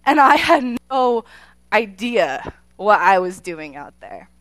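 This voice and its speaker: A woman with a high, smooth voice shares a personal faith testimony, her pitch rising and falling widely as she tells the story. She talks straight to her listeners, leaves dramatic pauses and takes her time. The recording is close and dry. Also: a bit bright, dry recording. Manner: addresses the listeners directly.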